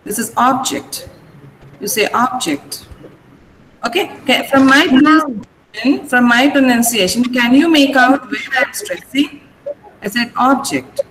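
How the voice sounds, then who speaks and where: A woman teaching an online English vocabulary class, repeating words slowly and asking her pupils how to pronounce them. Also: sits high, a bit bright, slight background noise, rough recording.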